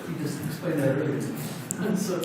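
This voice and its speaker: High-voiced guy chairing council, brisk and dry, far off in a booming echoey room. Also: background noise. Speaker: meeting chair. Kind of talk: council meeting discussion. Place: council chamber. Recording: roomy chamber mic from a distance.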